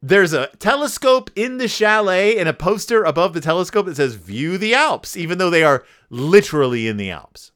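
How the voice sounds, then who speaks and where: Sarcastic guy doing a comedy book review podcast, bright voice, kinda high. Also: fairly quick, hardly any pauses, smooth. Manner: sarcastic, animated, mock accents and yodeling. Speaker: podcast host.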